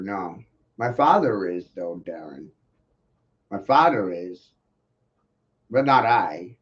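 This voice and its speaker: A man delivers a slow, heated monologue, swearing and firing off rhetorical questions. His voice sits at a middle pitch. The recording is dull and lo-fi. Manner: intense, profane, rhetorical ranting. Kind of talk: ranting monologue.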